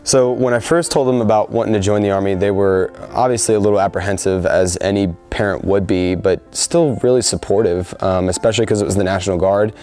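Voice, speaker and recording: A young man in his twenties talks quickly and earnestly in an interview, his low, mellow voice full of "you know" and "um." Faint soft music plays behind him. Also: fairly even intonation. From United States. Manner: earnest, heartfelt, with frequent fillers. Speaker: soldier interviewed before deployment. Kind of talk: sit-down interview.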